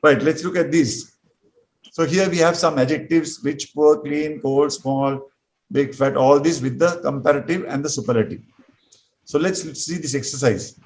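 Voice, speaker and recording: A man teaching an English grammar lesson to a class, patiently drilling words slowly and repeating them. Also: on the high side, darkish tone, low-quality recording.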